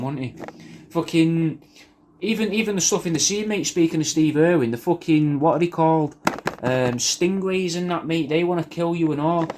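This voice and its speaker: A man's voice: fairly high pitch, a little hiss or hum. A man rambling through a personal video message, swearing a lot and often restarting his sentences. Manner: rambling, sweary, self-deprecating, with many restarts.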